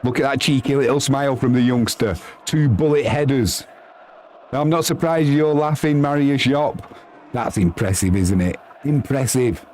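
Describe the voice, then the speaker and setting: A man doing chatty live football commentary, reading out viewer messages and yelping with excitement at goals. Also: moderate pace, slight background noise. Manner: chatty and excitable, bursting into high yelps at goals.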